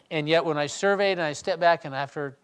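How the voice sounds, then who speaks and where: Bible study leader, slightly high voice. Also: male voice, normal speed, a bit bright. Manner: conversational, thinks aloud with restarts and frequent throat clearing. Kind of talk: reading scripture and discussing it in a small group.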